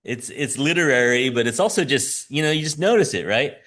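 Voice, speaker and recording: A man's voice: medium pitch, expressive, a little fast, a bit bright. A man who teaches school, preaching a conversational sermon with frequent chuckles and "right?" asides.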